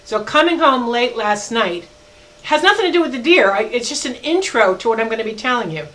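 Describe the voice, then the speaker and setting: A woman professor giving a recorded grammar lecture, emphatic, slowing down to spell out examples and correcting herself as she goes. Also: on the high side, sing-song, a bit bright, poor audio. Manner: self-correcting, with fillers.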